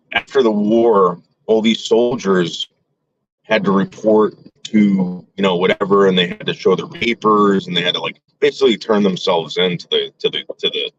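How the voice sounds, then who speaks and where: Rambling man telling a story, low voice. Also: lo-fi sound. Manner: rambling, lots of fillers and restarts; acts out quoted relatives with voice shifts. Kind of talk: casual storytelling.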